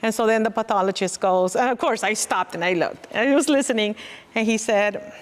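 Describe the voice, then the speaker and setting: A woman's voice: medium pitch, a little fast. A woman in her forties, a child protective services worker, giving an earnest, reflective personal testimony. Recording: long reverb.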